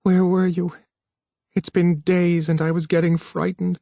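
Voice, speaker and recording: A man's voice: sits high, little pitch movement, unhurried, gravelly, mellow, dry recording, pitched above the performer's own voice. A man voicing an anxious young woman in an audiobook, asking fearful, breathless questions. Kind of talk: audiobook character voice.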